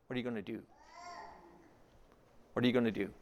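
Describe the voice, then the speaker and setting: A man preaching a sermon as pastor, repeating key lines and asking rhetorical questions, swinging between loud emphasis and hushed asides. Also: medium pitch, fairly even intonation, a little fast. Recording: long reverb of a large hall.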